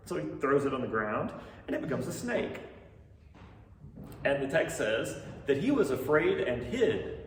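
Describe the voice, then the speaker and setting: A man's voice: mid-range voice, expressive, normal speed, gravelly. A man in his thirties teaching a Bible class, retelling the story in a casual, conversational way with asides. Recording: echoey hall from far off, faint noise.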